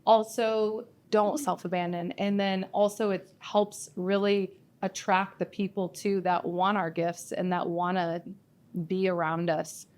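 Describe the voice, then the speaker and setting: A woman's voice: mid-range voice, level tone, a little slow, darkish tone. A woman hosting a live panel, speaking encouragingly to the audience.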